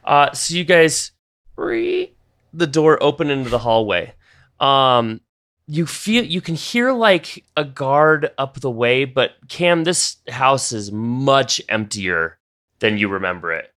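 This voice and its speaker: A man narrating a tabletop game as game master, halting and full of fillers. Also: medium pitch, animated, fairly bright tone.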